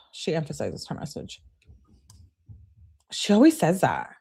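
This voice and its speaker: A woman's voice: deep voice, huge pitch swings, unhurried, gravelly, mellow, husky. A woman hosting a true crime channel, reading text messages aloud and adding emphatic, exasperated asides.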